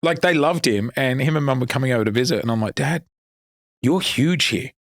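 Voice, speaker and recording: A man, a radio co-host chatting as a guest and telling lively, sweary anecdotes. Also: mid-range voice, rapid-fire, dry recording, studio quality. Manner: animated, swears freely, acts out voices in anecdotes. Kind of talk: casual storytelling chat.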